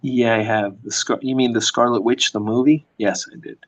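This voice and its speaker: A man's voice: mid-range voice, fairly even intonation, moderate pace, a bit bright, poor audio. A man, a comic artist, chatting casually and telling rambling stories while he draws late at night. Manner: rambling storyteller, lots of fillers. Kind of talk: casual chat while drawing.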